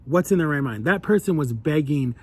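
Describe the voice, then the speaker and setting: Young man, slightly high voice, breathy and husky, earnest heartfelt vlog talk. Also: lively intonation, brisk, a little mellow. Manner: earnest, emotional, voice rising when upset. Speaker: vlogger. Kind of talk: personal vlog commentary.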